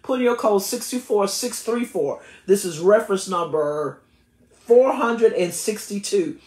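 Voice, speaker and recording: A woman's voice: medium pitch, lively intonation, unhurried, darkish tone, roomy sound. A woman pastor, preaching and praying with emphatic delivery and frequent laughter. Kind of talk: sermon and prayer.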